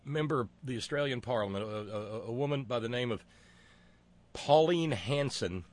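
A man hosting a political talk show, with wry, sarcastic asides and many pauses and fillers. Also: mid-range voice, lively intonation.

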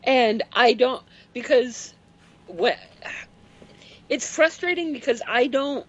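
A man calling in to a radio show, talking in a halting, self-deprecating way. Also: very high voice, a bit bright, muffled recording. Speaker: caller. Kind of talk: call-in radio chat.

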